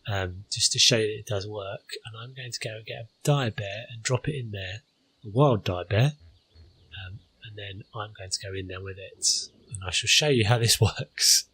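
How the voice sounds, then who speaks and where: Man, low voice, husky tone, casual gameplay commentary, rambling, hesitant. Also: moderate pace, pushed and bright. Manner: rambling, hesitant, many fillers. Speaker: gaming channel host.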